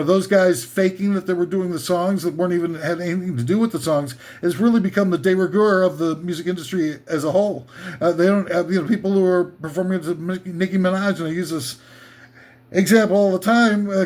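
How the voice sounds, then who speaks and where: A man's voice: sits high, darkish tone. A man hosting a comedy list show, delivering a rambling sarcastic rant full of "you know" and "uh" fillers.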